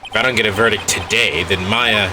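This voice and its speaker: A man's voice: lowish voice, fairly quick, noisy background. A man streamer chatting crudely and casually while playing a game. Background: game music.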